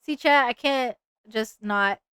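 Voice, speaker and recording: A woman's voice: a little high, slow, fairly bright tone, clean tone, dry recording. A woman streamer chatting casually while drawing, rambling and playful, with lots of fillers and the odd sing-song bit. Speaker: VTuber streamer.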